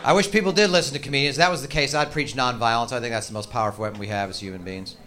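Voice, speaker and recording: A man's voice: medium pitch, very fast, noisy background. A middle-aged man doing profane, ranting, self-mocking stand-up comedy in a live club set. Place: comedy stage.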